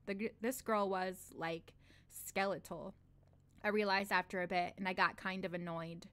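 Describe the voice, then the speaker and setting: A woman's voice: mid-range voice, fairly even intonation, moderate pace, fairly bright tone, smooth. A woman hosting a read-along, reading a short story aloud in a loose, slangy first-person voice and breaking off for casual asides where she laughs and swears. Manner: reads a street-wise first-person narrator in a loose, slangy drawl.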